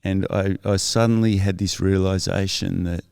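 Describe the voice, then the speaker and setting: A man appears as a podcast guest, earnestly telling his life story in a thoughtful, reflective way and often correcting himself. His low, steady voice is creaky, darkish, and smooth at a moderate pace, captured in a dry, clean studio recording.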